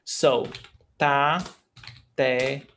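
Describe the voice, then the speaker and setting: Slow, patient Portuguese tutor, man. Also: medium pitch, fairly even intonation, fairly bright tone, a little hiss or hum. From Brazil. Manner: slow, patient, repeats words for students. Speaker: Portuguese teacher. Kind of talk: language lesson explaining grammar.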